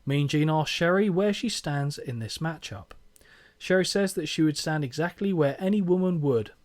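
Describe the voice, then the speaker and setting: Joking man, slightly high voice. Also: lively intonation, normal speed. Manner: joking, bantering, reads notes aloud. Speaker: podcast co-host. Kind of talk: casual chat reviewing a wrestling event.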